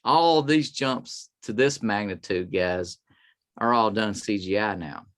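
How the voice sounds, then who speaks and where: A man's voice: fairly low pitch, slow, fairly bright tone. A man, a guest telling rambling stories in a casual interview, often acting out what others said. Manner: rambling anecdotes with quoted voices. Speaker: guest, tribute performer.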